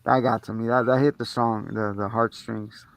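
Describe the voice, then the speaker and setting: A man hosting a casual movie review chat, retelling the plot in an animated, slangy way. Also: mid-range voice, moderate pace. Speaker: podcast host.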